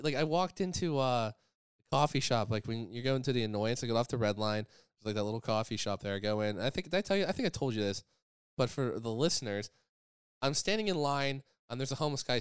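A man co-hosting a podcast, telling profane stories in a casual chat and shouting out the voices of the people in them. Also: mid-range voice, clean tone, no room sound, studio quality. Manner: profane, animated storyteller who shouts quoted voices. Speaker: podcast co-host.

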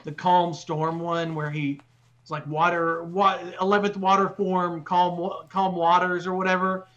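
A man co-hosting a casual podcast, rambling with enthusiasm and swearing freely. His voice is slightly high with a sharp, bright edge. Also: flat delivery, unhurried, muffled recording. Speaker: podcast co-host.

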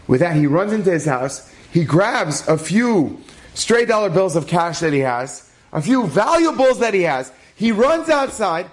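Brief: inspirational male storyteller, dramatic pauses, lively. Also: high voice. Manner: animated, dramatic pauses, shifting pace.

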